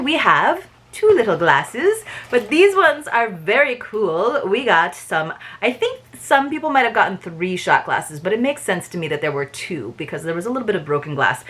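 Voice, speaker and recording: A woman's voice: lowish voice, a bit bright. A woman in a casual unboxing video, chatting to viewers as "you guys" and reading bits aloud. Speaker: book box reviewer.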